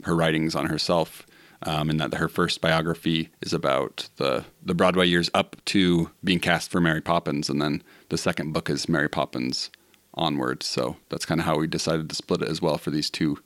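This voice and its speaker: A man's voice: rumbling low, fairly even intonation, normal speed, a bit bright, no echo. A man co-hosting a podcast in casual, easygoing chat. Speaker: podcast co-host.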